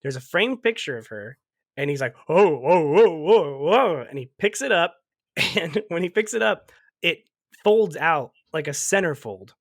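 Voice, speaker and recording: A man's voice: on the high side, very animated, moderate pace, fairly bright tone, no echo, clean studio sound. A young man co-hosting a podcast, retelling movie scenes in casual chat, laughing often and swearing. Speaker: podcast co-host recapping a movie.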